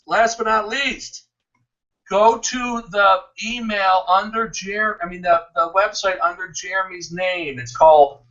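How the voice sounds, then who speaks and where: A man giving an excited, rambling promotional pitch, laughing often and restarting his sentences. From Ohio. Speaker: network marketing promoter. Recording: distant, dull lo-fi sound.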